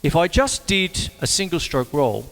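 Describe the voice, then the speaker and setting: A man's voice: sing-song, normal speed, over loud music. Chatty jokey male drum teacher. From Australia. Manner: jokey and chatty, with sudden high exclamations. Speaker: drum teacher and show host. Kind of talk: casual drum lesson with demonstrations. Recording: reverberant room with loud drumming behind.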